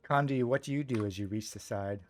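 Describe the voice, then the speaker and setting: A man narrating as game master of a tabletop game, halting, with many fillers. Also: fairly low pitch, no room sound.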